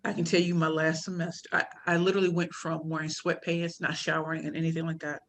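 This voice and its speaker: Woman, forties, podcast guest, lively slangy storytelling, acts out quotes. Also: low voice, fast talker, a little hiss or hum. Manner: animated, slangy, quoting others in voices. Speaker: podcast guest, pitch coach and speaker. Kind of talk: casual storytelling interview.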